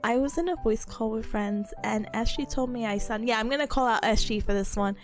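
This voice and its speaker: Bubbly streamer woman, high and sick-sounding. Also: a little fast. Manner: chatty and animated, laughing often. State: sick, slightly hoarse voice. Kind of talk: casual chat stream. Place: small rented room indoors. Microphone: streaming setup with headphones on.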